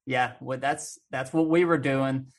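A man's voice: medium pitch, fairly even intonation, unhurried. A man in his thirties with a Southern American accent, earnestly chatting on a stream panel. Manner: earnest, storytelling with quoted voices. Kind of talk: casual chat.

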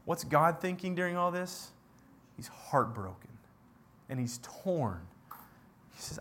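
A man preaching a sermon and reading scripture aloud, emphatic, swinging between loud stresses and hushed moments. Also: sits high, animated, slow.

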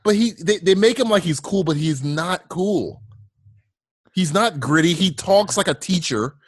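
A man's voice: sits high, lively intonation, a little slow, slightly rough, no echo, clean studio sound. A man riffing sarcastically on a movie with a co-host, swearing and laughing often. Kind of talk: casual riffing movie commentary.

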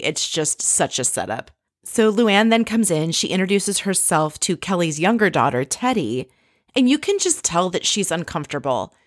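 A woman's voice: on the low side, dry recording, clean studio sound. A woman giving casual commentary on a reality show, blunt and sarcastic. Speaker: reality TV recapper.

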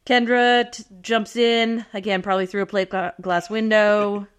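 A woman's voice: mid-range voice, flat delivery, moderate pace, clear, resonant tone. A woman co-hosting a podcast, casually recapping a TV episode in a chatty way and laughing often. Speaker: podcast co-host.

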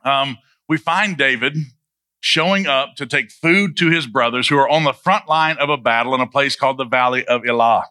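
A man's voice: mid-range voice, normal speed, bright, forceful tone, no room sound. A male pastor who retells a Bible story in a loose, humorous, conversational sermon and asks his listeners questions.

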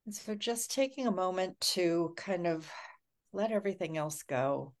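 A woman co-hosting a livestream, talking softly and calmly as she guides a grounding meditation. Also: lowish voice. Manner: slow, soft-spoken, calming. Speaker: co-host.

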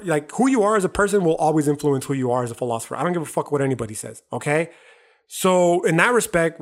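A young man on a podcast, raging through a heated monologue that is thick with swearing and "dog". His voice sits a little high for a man. He comes from the United States. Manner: heated, profane, calls listener "dog". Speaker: podcast host. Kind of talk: profane, impassioned monologue.

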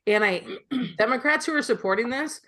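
A woman's voice: a little high, animated, normal speed, a bit bright. A woman co-hosting a podcast, talking politics in a blunt, profane, opinionated way. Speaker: podcast co-host. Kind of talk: casual political chat.

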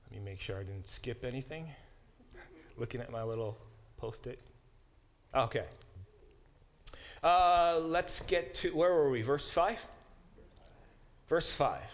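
A man's voice: mid-range voice, slow, pauses often. A middle-aged man teaching a Bible study class. He reads scripture aloud, stops to explain Hebrew words, and often corrects himself as he goes.

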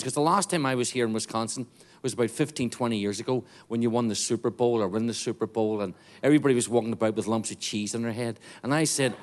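A man's voice: mid-range voice, fairly quick. Northern Irish man, middle-aged, guest preacher, jokes then fervent pulpit delivery. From Northern Ireland. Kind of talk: sermon with jokes. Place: church before a congregation.

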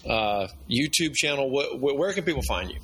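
A man's voice: mid-range voice, lively intonation, a little fast, fairly bright tone, a little hiss or hum. A man hosting a casual interview, enthusiastic and encouraging toward his guest. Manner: enthusiastic, encouraging, laughs along. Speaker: podcast host.

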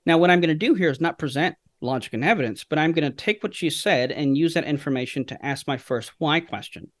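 A man's voice: on the high side, fairly quick, no room sound. A man, a guest on a podcast, explaining his approach by telling anecdotes and answering his own rhetorical questions. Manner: teaching through anecdotes, asks himself questions. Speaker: guest speaker. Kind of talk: podcast interview storytelling.

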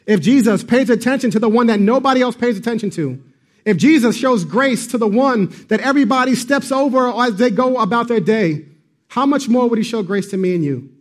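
High-voiced earnest man preaching. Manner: earnest, repetitive emphatic preaching with fillers. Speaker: pastor. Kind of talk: sermon.

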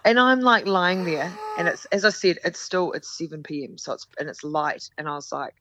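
On a podcast, a woman guest tells a casual story candidly and pokes fun at herself, acting out what people said. Her voice sits on the low side and is a bit bright, with a moderate pace and no echo.

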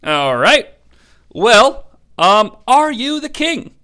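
A man's voice: extremely high pitch, big pitch swings, extremely slow, bright, forceful tone, full character voice. Man doing a crude, bored roman governor. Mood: dismissive. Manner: blunt, crude, bored interrogating. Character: sneering roman governor, irritable and profane.

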